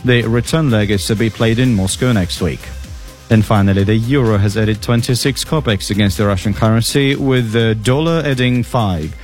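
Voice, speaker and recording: Male newsreader, low-pitched, steady scripted delivery over a faint music bed. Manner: measured, even newsreader delivery. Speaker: news and sports bulletin reader. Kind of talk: scripted radio news reading.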